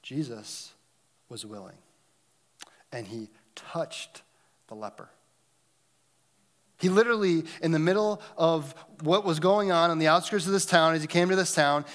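A man preaching a sermon, swinging between loud emphatic lines and hushed, almost whispered moments. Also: a little high. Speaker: pastor.

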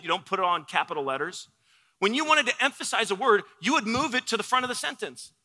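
Man, pastor, sermon, very high voice, sharp bright tone, earnest questioning delivery, long hall reverb. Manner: earnest, questioning, explanatory preaching.

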